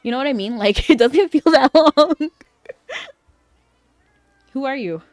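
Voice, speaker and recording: A woman's voice: high voice, lively intonation, moderate pace, no echo. A woman streaming a game, chatting casually with her viewers in a rambling, filler-heavy way and laughing easily.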